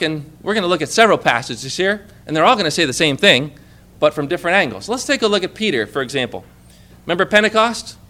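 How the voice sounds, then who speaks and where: Bright-voiced man preaching a sermon. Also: sits high. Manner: conversational, asks the congregation questions.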